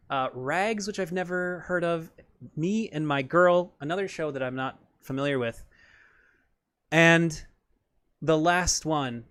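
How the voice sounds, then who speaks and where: A man's voice: a little high, fairly bright tone. A man in his thirties chatting casually between songs on a live stream, rambling and correcting himself as he goes. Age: 30s. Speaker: singer hosting a live stream. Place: room at home. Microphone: studio microphone.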